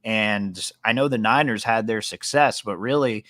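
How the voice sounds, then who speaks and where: A man with a lowish voice co-hosts a sports podcast. He rambles casually, stopping and restarting his thoughts. The sound is close and dry. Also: unhurried, a bit bright, dry recording. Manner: rambling, many fillers and restarts. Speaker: podcast co-host.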